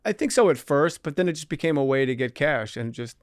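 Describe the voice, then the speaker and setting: A man hosting a podcast, telling animated, wry stories about his life in comic storytelling style. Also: fairly high pitch, brisk, no room sound, clean studio sound. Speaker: comedian podcast host.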